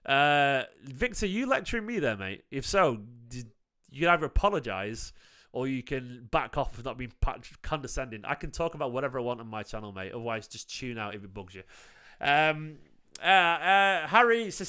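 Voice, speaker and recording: A man's voice: mid-range voice, very animated, moderate pace, sharp tone, clear, resonant tone. A man in his late thirties hosting a fan channel, talking casually and a bit defensively as he answers chat comments. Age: 30s. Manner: chatty, defensive, says mate often. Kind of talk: casual reaction talk to live chat.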